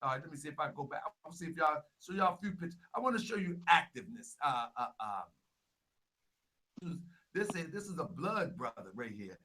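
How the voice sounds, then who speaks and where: Young man, high voice, bright tone, casual vlog host, repetitive, grows loud and animated. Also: brisk, breathy edge. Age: young adult. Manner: repetitive, animated, talks louder as he gets worked up. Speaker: Grand Sheik and channel host. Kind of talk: casual live vlog showing photos.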